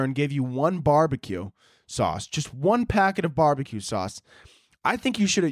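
A man hosting a podcast, telling a rambling, sarcastic rant full of dark humor and exaggeration, with frequent self-interruptions. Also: fairly high pitch, very animated, normal speed, no echo, studio quality. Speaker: podcast host.

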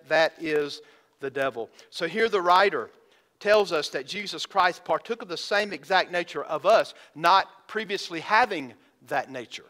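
A male pastor delivers a sermon in a fairly high, bright and forceful voice. He talks straight to the congregation and stretches important words out slowly to drive them home. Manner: addresses congregation directly as folks.

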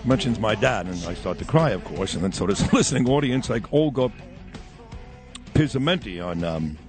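A man hosting a radio talk show, chatty and supportive, chiming in with quick interjections. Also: lowish voice, very animated, soft background music. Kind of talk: casual radio chat.

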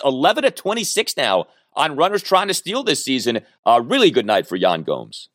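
A man co-hosting a casual baseball talk show, talking in an animated, emphatic way. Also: fairly high pitch, normal speed, hardly any pauses, no room sound, studio quality. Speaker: baseball podcast co-host.

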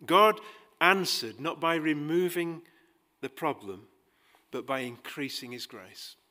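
A man delivering a sermon at an unhurried, deliberate pace. His voice sits a touch high for a man and rings bright and forceful. He presses hard on key phrases and acts out quoted lines with a dry touch. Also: expressive. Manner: emphatic, builds to loud pleading passages, then drops quiet. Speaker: preacher.

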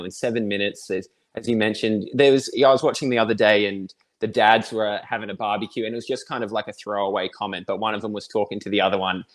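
An Australian man chatting as a guest in a casual interview. His voice sits at an ordinary middle pitch, and he talks in a rambling, friendly way with frequent chuckles.

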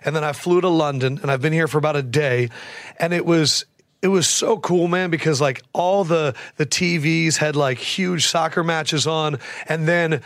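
Male podcast host, higher voice, dry close sound; hyped and slangy, quick bursts. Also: a bit bright, no room sound. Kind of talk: casual sports chat. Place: traveling abroad, remote.

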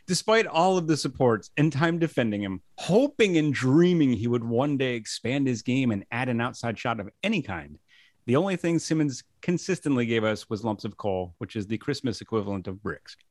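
A man with a mid-pitched, expressive voice co-hosting a sports podcast. He is wry and self-deprecating, recorded close and dry. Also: moderate pace, no echo. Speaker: podcast co-host. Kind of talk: casual comedic sports chat.

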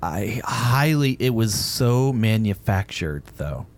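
A man's voice: fairly low pitch, big pitch swings, slow. A man in his thirties co-hosting a casual podcast chat, telling stories with jokes and swearing. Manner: profane, joking storyteller. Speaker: podcast co-host.

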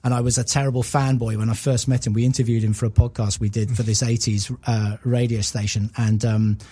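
A man's voice: medium pitch, level tone, a little fast, mellow, husky. A man, a podcast guest rambling through enthusiastic stories and acting out what people said. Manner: rambling, enthusiastic storyteller who acts out quotes. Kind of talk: casual chat.

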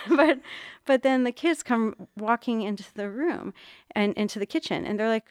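A middle-aged woman telling a story with lively, animated delivery, jumping up in pitch whenever she quotes someone. Her voice is smooth and clear, and the recording is dry and close. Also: a little fast, dry recording. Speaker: art teacher and mother. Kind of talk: casual storytelling chat.

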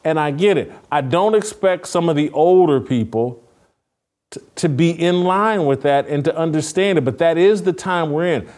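A man's voice: fairly high pitch, moderate pace, darkish tone. A man hosting a political talk show, speaking fervently with frequent restarts. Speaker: podcast host.

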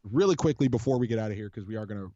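A man with a mellow, dark voice chats on a podcast, rambling through fan stories with many restarts and plenty of swearing. The sound is dry and a little muffled, with no room echo. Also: lowish voice, animated, very fast. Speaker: podcast co-host, supporters' group leader. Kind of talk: casual podcast chat.

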